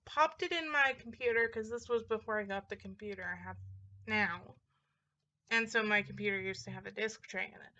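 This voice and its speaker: Bright-voiced chatty young woman. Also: high voice. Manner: rambling, chatty, with frequent fillers and laughs. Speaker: vlogger showing a movie collection. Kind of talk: casual chat.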